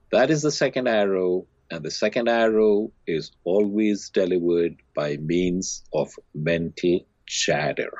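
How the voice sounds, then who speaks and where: Low-voiced man, animated storyteller. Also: no room sound. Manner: animated storyteller, voices characters with big pitch swings. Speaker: podcast guest, teacher. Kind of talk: storytelling in conversation. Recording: dry, slightly dull lo-fi sound.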